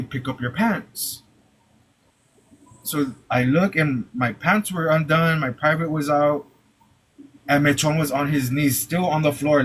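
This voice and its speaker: A young man telling a personal story live, halting, with many "like"s and repeated restarts. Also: a little high, fairly bright tone, slight background noise, poor audio.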